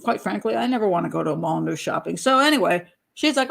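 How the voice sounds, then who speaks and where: A woman's voice: a little high, animated, fast, creaky, a bit bright. An older woman, a criminal profiler, giving chatty, blunt true crime commentary with sarcastic asides.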